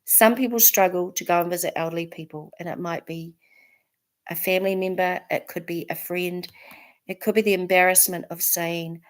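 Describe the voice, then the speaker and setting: Female vlogger with a New Zealand accent, chatty and encouraging, a little low in pitch. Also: steady tone, moderate pace. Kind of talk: casual chat to camera.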